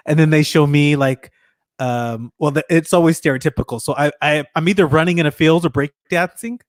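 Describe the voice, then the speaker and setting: A man's voice: fairly high pitch, fairly even intonation, normal speed, no echo, clean studio sound. A man co-hosting a live show in casual, playful banter, joking and laughing often. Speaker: co-host.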